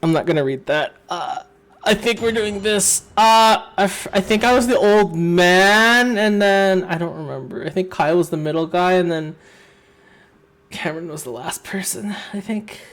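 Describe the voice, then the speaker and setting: A man's voice: high voice, moderate pace, fairly bright tone. A young man casually chatting while streaming a courtroom game, rambling and laughing often.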